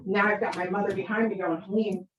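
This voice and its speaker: A middle-aged woman giving a talk on parenting, telling a story in an animated, conversational way with frequent tag questions. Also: medium pitch, quick pace, slight background noise. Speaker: parenting speaker. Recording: echoey room, distant mic.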